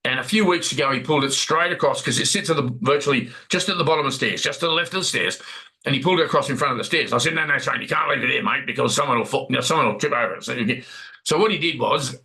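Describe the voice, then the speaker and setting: A man playing a gravelly, rambling Australian warehouse supervisor. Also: medium pitch, rapid-fire, sharp tone, low-quality recording. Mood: chatty. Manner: rambling, repeats himself, recounts dialogue. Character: chatty male warehouse supervisor, rambling witness. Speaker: workplace witness being interviewed. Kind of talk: role-played investigation interview.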